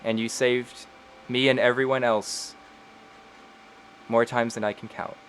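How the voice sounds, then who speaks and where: A man voicing a gentle young woman just brought back to life, speaking softly and with tenderness. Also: mid-range voice, level tone, unhurried, a little hiss or hum, lightly acted. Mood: tender.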